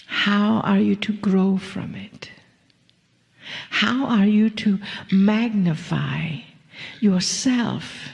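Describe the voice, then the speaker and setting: A woman delivering a channeled spiritual message to an audience, speaking slowly and gently, playful at times and often dropping to a whisper. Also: mid-range voice, gravelly, in a large hall.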